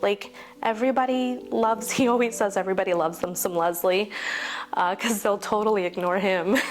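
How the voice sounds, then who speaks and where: A woman in her forties with a slightly low voice talks casually to her camera at home. She rambles in a heartfelt way, laughs often and grows teary as she speaks. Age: 40s. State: teary, emotional. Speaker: vlogger.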